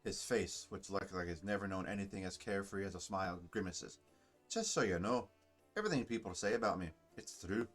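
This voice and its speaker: A man's voice: low voice, lively intonation, brisk, faint music behind. A man voicing a grim, bitter male dwarf soldier in a put-on Scottish accent, blunt and gloomy. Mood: gruff.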